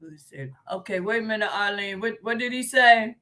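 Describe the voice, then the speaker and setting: A woman hosting a live stream in casual chat, loud and exclaiming, laughing and swearing often. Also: medium pitch, moderate pace. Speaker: livestream host.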